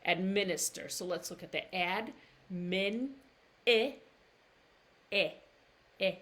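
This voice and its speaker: A woman teaching pronunciation in a live-streamed lesson, drawing words out slowly and breaking them into syllables. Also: mid-range voice, fairly bright tone. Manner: slow, drawn-out demonstrations of words, syllable by syllable. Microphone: livestream camera mic.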